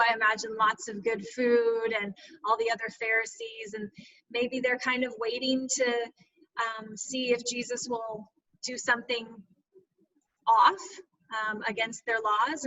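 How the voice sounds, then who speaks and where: A woman author speaks in a bright, slightly high voice, earnest and reflective, with plenty of "you know" fillers. She sounds a little far from her mic, as on a video call. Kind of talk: reflective personal storytelling in an interview. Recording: distant video call audio.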